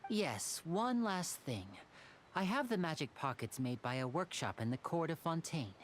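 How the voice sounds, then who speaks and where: An earnest, low-voiced planner. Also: female voice, big pitch swings, moderate pace, a little hiss or hum.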